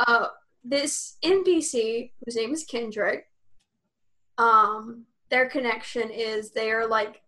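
A woman's voice: fairly high pitch, fairly bright tone. A woman co-hosting a podcast, casually recapping a tabletop role-playing session in a rambling, profane way, laughing often and acting out the characters' lines. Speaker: podcast co-host.

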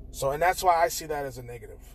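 A young man hosting a casual solo podcast, talking candidly and with plenty of swearing, swinging between loud bursts and quiet mutters. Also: a little high, quick pace. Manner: candid, profane, shifts between loud outbursts and quiet mumbling. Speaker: podcast host.

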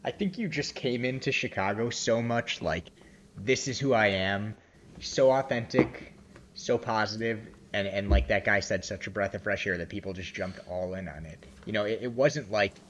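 A man's voice: fairly low pitch, moderate pace, a bit bright, muffled recording, a little hiss or hum. A man co-hosting a podcast, talking in an enthusiastic, rambling way with restarts. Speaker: podcast co-host. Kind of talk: casual podcast chat.

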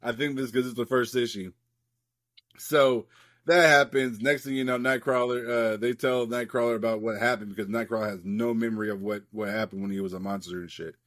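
Dude rambling through a comic recap on a podcast, swears a lot, lots of ums, dead dry mic. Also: male voice, medium pitch, fairly even intonation, a little fast, fairly bright tone, no echo. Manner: rambling, loose, swears casually, frequent fillers. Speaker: podcast co-host. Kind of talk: casual comic book recap.

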